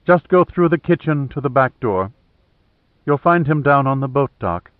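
A man voicing a gentle, older woman who is a grandmother, speaking wistfully. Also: medium pitch, animated, normal speed, no echo, close to an everyday voice. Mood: helpful. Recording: thin phone-like dry audio.

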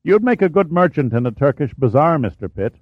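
A man's voice: a little high, very animated, fairly quick, dry recording, dull audio, pitched above the performer's own voice. A man voicing a courteous, formal naval commander in an audiobook reading. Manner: formal, polite, smooth.

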